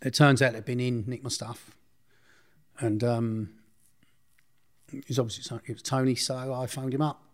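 A man tells his own story in a plain, middle-pitched voice. He talks bluntly and drops in street slang, often breaking off and restarting mid-sentence as he recounts events. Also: level tone, normal speed, pauses often. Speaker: interviewee.

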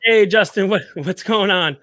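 A man's voice: high-pitched, moderate pace, sharp tone, no echo, clean studio sound. A man hosting a casual movie podcast, laughing often and using many "uh" fillers. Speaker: podcast host. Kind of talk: casual movie review chat.

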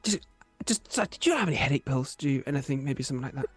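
Smooth-talking man role-playing. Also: medium pitch, very animated, very fast, no room sound, soft background music. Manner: playfully charming, smooth-talking. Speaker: player. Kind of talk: in-character role-play.

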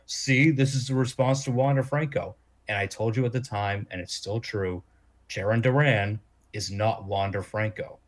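A male podcast co-host with an ordinary mid-range voice. He talks casually and bluntly, circling back to the same complaints. His tone is frank and dismissive. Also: mid-range voice. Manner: blunt, repetitive ranting. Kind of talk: casual sports talk.

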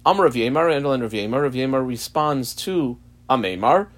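A man teaching a page of Talmud in a study lesson, explaining slowly with frequent fillers and restarts. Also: mid-range voice, lively intonation. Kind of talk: daf yomi study lesson.

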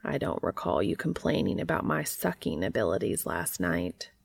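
A woman doing a husky, teasing man. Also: very deep voice, very animated, moderate pace, pitched below the performer's own voice, exaggerated voice. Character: low-voiced adult man, teasing lover.

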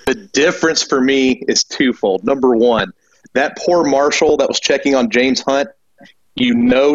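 A man's voice: medium pitch, no echo. A man on a podcast offering wry asides in a mid-range voice. His mic sounds a little dull and lo-fi, and very dry. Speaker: podcast co-host. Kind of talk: casual podcast chat.

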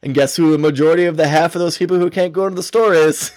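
A man's voice: fairly high pitch, steady tone, racing, dry recording. A man co-hosting a podcast, rambling through casual talk with frequent swearing and laughter. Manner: rambling, profane, laughs often. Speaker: podcast co-host.

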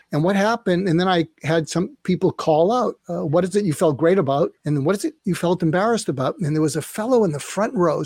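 Older guy telling stories on a podcast, kinda high voice, acts out the lines, dry close sound. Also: dry recording. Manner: animated storyteller who acts out quoted dialogue. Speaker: psychiatrist and guest. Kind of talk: storytelling in a podcast interview.

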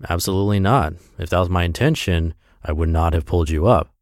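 A man voicing a calm, wise old philosopher who speaks in a measured way. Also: sits low, dry recording, clean studio sound.

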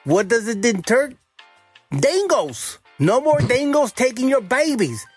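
A goofy Aussie-cousin caller, as a man puts him on, drawls through a rambling voicemail in a put-on Australian accent. The voice is husky and slow, and it swoops up and down. Faint music plays behind him. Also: very high voice, sing-song, exaggerated voice. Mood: hammy. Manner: rambling, playful, drawn out.

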